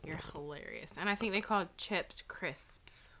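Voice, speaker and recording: A woman's voice: fairly low pitch, a little slow, a loud crowd. A woman guest on a podcast, laid-back and rambling, sometimes apologetic. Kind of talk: casual chat.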